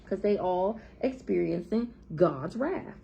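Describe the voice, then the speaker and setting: A woman's voice: mid-range voice, lively intonation, takes it slowly, creaky, lo-fi sound, slight background noise. A woman with giving a blunt, profane, heated tarot reading to camera in a casual monologue. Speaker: tarot reader.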